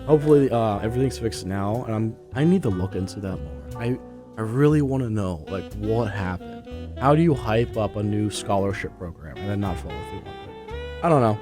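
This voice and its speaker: A man's voice: fairly low pitch, animated, moderate pace, over music. A young man hosting a student radio podcast, short of breath and congested, chatting loosely with many fillers before reading the news. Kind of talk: casual chat, then news reading.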